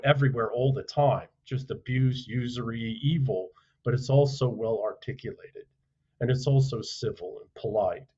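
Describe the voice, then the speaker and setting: A man speaking as a podcast guest, telling stories bluntly and forcefully, with profanity and rhetorical questions. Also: mid-range voice, slightly rough, highs cut off. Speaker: podcast guest, author and former soldier. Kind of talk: forceful conversational storytelling.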